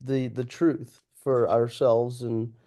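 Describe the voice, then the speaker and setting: Slow, mellow-voiced podcast host. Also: male voice, mid-range voice, flat delivery. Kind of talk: reflective podcast conversation.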